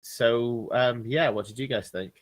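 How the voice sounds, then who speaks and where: A man's voice: medium pitch, unhurried. A man talking as a player in a casual podcast chat, hesitant and stammering at the start of his sentences.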